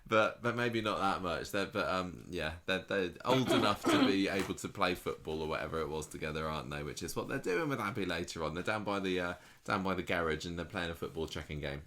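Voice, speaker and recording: A man's voice: low-pitched, fairly quick, hardly any pauses, bright, forceful tone, slight background noise. A man co-hosting a podcast with dry, teasing remarks. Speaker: podcast co-host. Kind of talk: casual chat.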